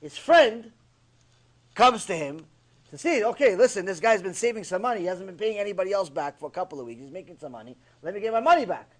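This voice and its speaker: A man's voice: high voice, quick pace. A man giving a mussar lecture on Torah ethics, telling jokes and acting out characters as he teaches. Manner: animated storyteller, jokes, acts out characters.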